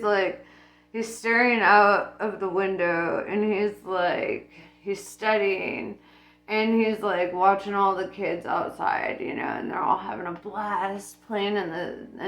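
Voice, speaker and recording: A woman's voice: medium pitch, steady tone, takes it slowly, fairly bright tone. A woman talking casually about spirituality, blunt and profane, laughing often. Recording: echoey room with faint music.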